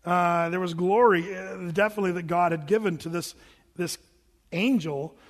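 A man's voice: high voice, steady tone, normal speed, big-room sound. A man preaching a Bible-teaching sermon in a conversational, plain-spoken way, with casual asides to the congregation. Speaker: pastor.

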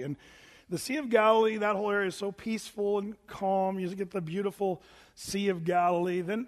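A man's voice: high-pitched, big-room sound. A man preaching a sermon in a chatty, rambling way, full of fillers and restarts. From United States. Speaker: pastor.

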